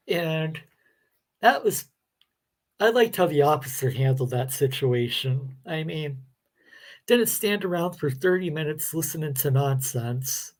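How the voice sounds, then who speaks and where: A man's voice: fairly high pitch, a little mellow. A man hosting a live reaction video, commenting in a sarcastic, exasperated way. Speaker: host.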